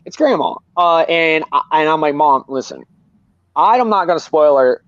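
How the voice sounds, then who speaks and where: A man's voice: on the high side, lively intonation, moderate pace, a bit bright, dry recording, muffled recording. A man talking candidly and earnestly as a guest, rambling and repeating himself. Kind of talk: candid personal talk.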